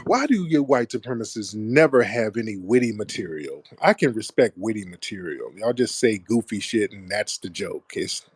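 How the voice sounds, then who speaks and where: A man's voice: lowish voice, lively intonation, normal speed, few pauses, breathy edge, no echo. A man hosting a call-in talk show, laughing and cursing as he mocks what he talks about. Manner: laughing, profane, mocking. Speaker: show host.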